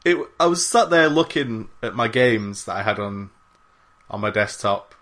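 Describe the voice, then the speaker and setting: A man's voice: fairly low pitch, lively intonation, normal speed, a bit bright. Guy on a gaming podcast, rambly, mocks himself, swears a lot, casual. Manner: rambling, self-mocking, sweary. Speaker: podcast co-host. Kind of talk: casual chat.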